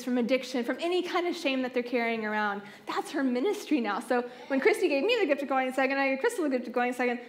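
A woman in her thirties giving a personal testimony talk at a conference, telling her story in an animated way and acting out the voices of the people in it. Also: high voice. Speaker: conference speaker. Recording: echoey hall sound.

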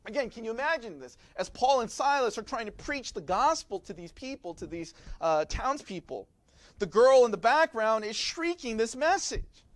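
A man's voice: extremely high pitch, no room sound. A man preaching a sermon as pastor, explaining in a teaching manner and often turning to the listeners with rhetorical questions.

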